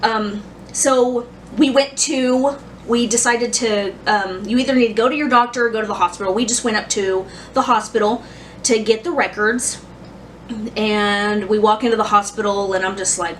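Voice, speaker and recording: A woman's voice: mid-range voice, fairly even intonation, moderate pace, distant mic, slight background noise. A woman in her thirties telling a personal story in a casual vlog, rambling with many restarts and fillers. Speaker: vlogger.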